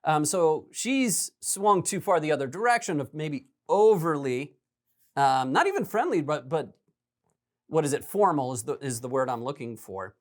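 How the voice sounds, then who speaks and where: A male podcast host talks through a recorded recruiting call in a relaxed, conversational way. He hedges often and keeps checking in with his guest. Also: a little high, moderate pace. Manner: conversational, hedging with "right?" and "um". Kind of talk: podcast commentary.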